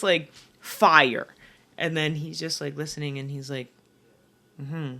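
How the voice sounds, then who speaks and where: A woman in her twenties co-hosting a podcast, chatting casually and acting out quotes with big jumps in her voice. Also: normal speed. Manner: animated, acts out quotes with big pitch jumps. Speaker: podcast co-host. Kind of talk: casual chat.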